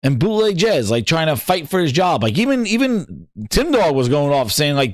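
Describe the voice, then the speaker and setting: A man hosting a gaming podcast, talking loudly and animatedly, teasing and incredulous. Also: fairly high pitch, sing-song, moderate pace, no echo, clean studio sound. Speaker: podcast host. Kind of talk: excited casual gaming talk.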